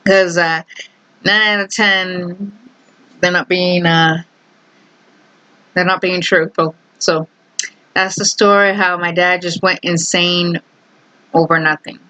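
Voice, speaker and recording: A woman's voice: fairly low pitch, steady tone, slow, long pauses, bright, forceful tone, no room sound, poor audio. A young adult woman vlogger telling a family story in a casual, rambling, amused way.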